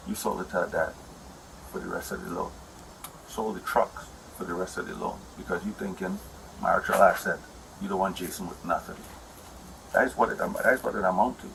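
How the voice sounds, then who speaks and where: A man's voice: low-pitched, gravelly, background noise. A man rambling in an aggrieved, repetitive way as he complains to an officer about a domestic dispute. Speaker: husband explaining a domestic dispute. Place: indoors at a house.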